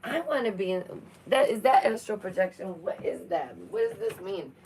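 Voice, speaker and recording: A woman's voice: medium pitch, animated, moderate pace, darkish tone, slight background noise, rough recording. A young woman vlogging, reading science news aloud and joking with her cat in a playful, chatty way. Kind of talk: casual chat reacting to news.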